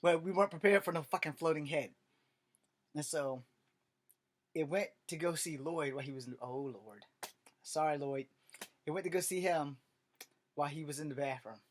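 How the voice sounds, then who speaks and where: A man's voice: on the high side, moderate pace, long pauses. A man casually telling a personal story, rambling and swearing with lots of fillers. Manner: rambling and profane, full of fillers. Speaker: vlogger.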